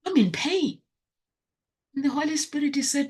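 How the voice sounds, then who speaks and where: A woman's voice: moderate pace, long pauses. A woman hosting her own talk show, telling viewers a personal story with rising emotion, often dropping to a near whisper. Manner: emotional, pitch rising sharply when recounting crying.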